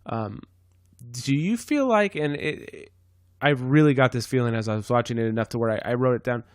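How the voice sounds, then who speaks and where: A man's voice: medium pitch, animated, dry recording. A man from San Diego talks casually on a podcast in a middle register. He rambles, halts and restarts his thoughts as he goes. The sound is dry and close, with no room behind it. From San Diego, California. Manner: rambling, halting, with many restarts. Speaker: podcast host. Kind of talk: casual chat.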